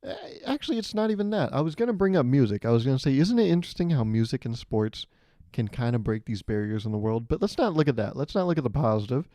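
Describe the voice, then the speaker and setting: A man's voice: medium pitch, expressive, fast talker, no room sound, studio quality. A young man hosting a solo podcast, telling rambling stories with a sarcastic edge. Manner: rambling and sarcastic, acts out loud voices. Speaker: podcast host. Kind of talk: solo comedic storytelling.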